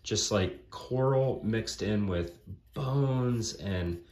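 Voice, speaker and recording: Slow-talking man in an echoey room. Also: lowish voice. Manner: slips into hushed whispers of awe. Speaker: vlogger unboxing a gift. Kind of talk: excited unboxing chat.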